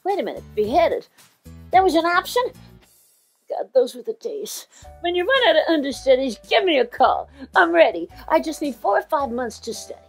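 Actress doing a scatterbrained older diva: high, swooping voice, gushing and rambling, faint music behind. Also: female voice, very animated, moderate pace. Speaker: comic impressionist. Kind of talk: comic celebrity impression monologue.

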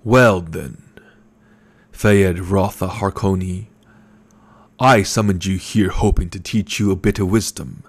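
A man voicing a gluttonous, scheming older male baron who speaks slowly and condescendingly. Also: low-pitched, steady tone, breathy edge, heavily acted. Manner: slow, menacing and condescending.

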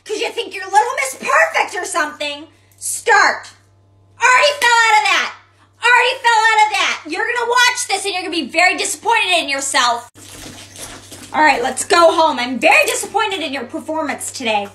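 A woman's voice: very high voice, lively intonation, moderate pace, bright, forceful tone, echoey room. A young woman performing comedy skits in a dramatic, whiny, exaggerated way. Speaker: comedy creator. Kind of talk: comedy skit.

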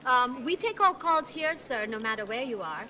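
A polite call center agent. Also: female voice, on the high side, big pitch swings, normal speed, sharp tone. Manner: polite and eager.

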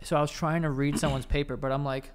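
A man's voice: fairly high pitch, level tone, quick pace, clear, resonant tone. A man co-hosting a podcast, trading blunt, profane, slangy banter in casual chat. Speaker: podcast co-host.

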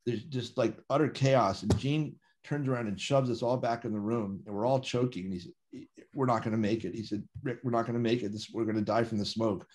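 A man telling a gripping first-person story in an animated, vivid way, acting out quoted dialogue. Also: mid-range voice, brisk. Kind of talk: conversational storytelling.

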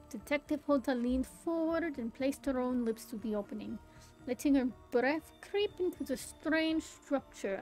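In poor audio, a young woman streamer with a high, darkish voice gives a theatrical reading of a game's story. She breaks it up with occasional giggly, amused asides as faint music plays in the background.

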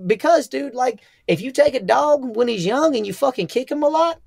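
Podcast guest: young Southern man, profane and animated, laughs through his stories, dry close mic. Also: very high voice, moderate pace, gravelly, dry recording. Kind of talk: casual storytelling interview.

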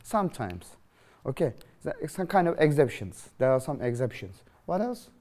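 Guy with teaching a grammar class, fairly high voice, jumps around a lot in pitch, keeps asking "you understand?". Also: normal speed. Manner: lively, questioning, repeats phrases to students. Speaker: English teacher.

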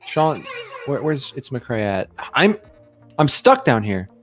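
A young man streaming a game live, chatting casually and excitedly while greeting his viewers. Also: medium pitch, slow, soft background music.

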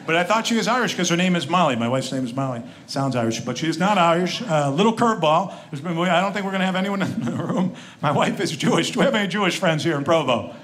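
A man in his forties doing a conversational, self-deprecating stand-up set with quoted asides, on a live club stage. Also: fairly high pitch. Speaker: stand-up comedian. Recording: live room with crowd laughter and noise. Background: audience laughter.

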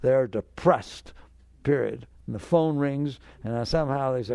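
Gravelly, emphatic spiritual teacher. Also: male voice, medium pitch, lively intonation, normal speed, dark tone, no room sound. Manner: emphatic and direct, with rhetorical questions. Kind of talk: spiritual talk to an audience.

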